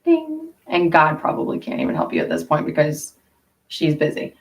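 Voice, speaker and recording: A woman's voice: low voice, very animated, fairly quick, far from the mic. A woman talks straight to her viewers in a loose, rambling livestream chat, blunt and full of profanity. Her voice sits a little back from the microphone. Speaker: vlogger.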